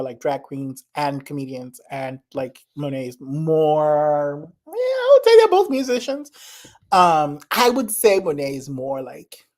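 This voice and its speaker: Vlogger from Zimbabwe, casual and rambling, fillers throughout. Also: medium pitch. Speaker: reaction vlogger. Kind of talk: casual chat.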